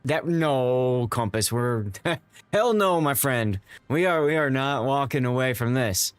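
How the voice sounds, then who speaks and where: A man's voice: mid-range voice, lively intonation, slow pace, clear, resonant tone, dry recording. A man streaming live to his viewers, emotional and stammering, repeating himself as he thanks them. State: tearing up. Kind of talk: excited live-stream chat.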